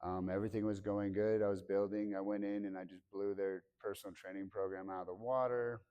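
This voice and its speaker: A man in his thirties speaking candidly to students about his life, halting and full of restarts, acting out remembered conversations. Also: fairly low pitch, little pitch movement, smooth, lo-fi sound. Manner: acts out remembered dialogue with raised voice. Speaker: motivational speaker. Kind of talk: personal story told to a student audience. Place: school hall.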